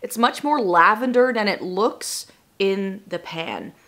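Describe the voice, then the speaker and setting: A woman beauty vlogger, a little raspy while getting over a lost voice, chatting casually and thinking aloud to the camera. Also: mid-range voice, animated, takes it slowly, fairly bright tone.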